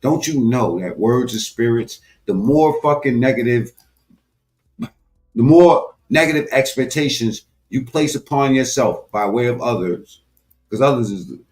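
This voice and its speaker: A man giving a profane, animated political commentary rant, talking straight to his viewers with sudden loud swings. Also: medium pitch, normal speed. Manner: animated, loud swings, heavy swearing, talks to viewers directly.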